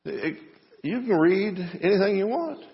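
A pastor giving a conversational sermon full of rhetorical questions and a folksy manner. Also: male voice, high voice, sing-song, a little slow, gravelly. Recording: muffled sound with long reverb.

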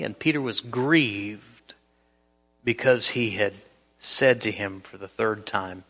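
Male pastor, gravelly and bright, earnest sermon delivery, long hall reverb. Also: medium pitch, moderate pace. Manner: earnest, storytelling, emphatic with repeats.

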